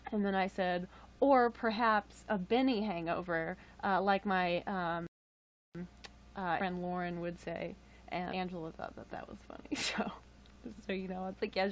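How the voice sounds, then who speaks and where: A young woman with a slightly low voice chats loosely on a livestream, rambling and full of filler words. A faint hiss sits under her webcam audio. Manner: rambling, chatty, filler-heavy, self-deprecating. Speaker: livestream host. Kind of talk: casual livestream chat.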